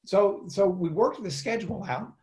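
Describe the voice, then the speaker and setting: A trial lawyer in an interview, a man telling anecdotes with lively energy and plenty of restarts. His voice sits a little on the higher side for a man. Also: normal speed. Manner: animated anecdotes with many fillers and restarts. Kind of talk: casual storytelling interview.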